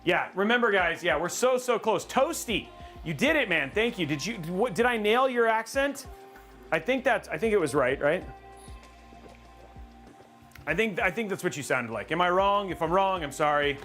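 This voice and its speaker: A man hosting a casual livestream, rambling and excitable, joking about himself. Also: sits high, moderate pace, faint music behind. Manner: excitable, rambling, self-mocking. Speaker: livestream host.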